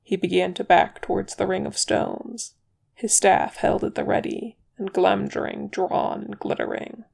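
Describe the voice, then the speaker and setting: A reader narrating fan fiction aloud in a steady, even manner. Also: medium pitch, unhurried, creaky, husky. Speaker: audiobook reader.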